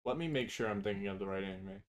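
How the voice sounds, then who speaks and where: A man's voice: lowish voice, quick pace. Blunt, profane man ranking anime. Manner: blunt and profane, opinionated, goes on tangents. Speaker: podcast co-host. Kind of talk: casual chat.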